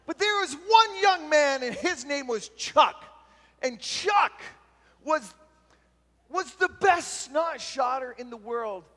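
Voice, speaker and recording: High-voiced man in an echoing hall. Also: slow pace. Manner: animated storyteller who shouts out the punchlines. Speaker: youth pastor. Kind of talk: storytelling talk at a youth retreat. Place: large retreat meeting hall. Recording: long hall reverb from a live talk.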